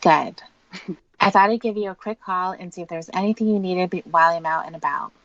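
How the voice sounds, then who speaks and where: A woman's voice: fairly low pitch, a little fast, no room sound, highs cut off, natural voice. A caring mother on the phone, read aloud by a woman. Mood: cheerful. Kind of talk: reading a book aloud.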